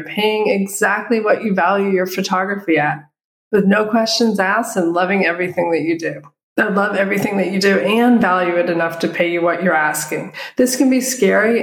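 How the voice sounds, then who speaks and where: Gravelly-voiced woman coaching on a podcast. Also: medium pitch. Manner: explanatory, asks listeners rhetorical questions. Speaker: podcast host coaching photographers. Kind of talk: solo podcast monologue. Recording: echoey room.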